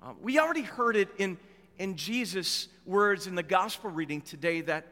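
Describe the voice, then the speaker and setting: A middle-aged man preaching a sermon as a pastor, telling stories in a relaxed, conversational way with fillers. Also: high-pitched, moderate pace. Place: church. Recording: echoey church hall with long reverb.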